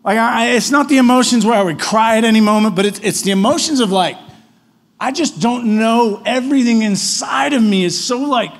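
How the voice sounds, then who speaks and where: High-voiced casual pastor preaching. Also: male voice, expressive, moderate pace. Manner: casual storytelling, frequent tag questions. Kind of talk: conversational sermon. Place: church.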